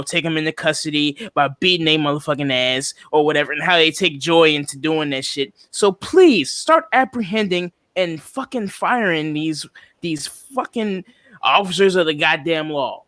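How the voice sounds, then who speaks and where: Tipsy podcast host guy going off, swearing a lot, bright kinda high voice, dry sound. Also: dry recording. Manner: impassioned, profane, rambling rant. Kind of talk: casual podcast chat.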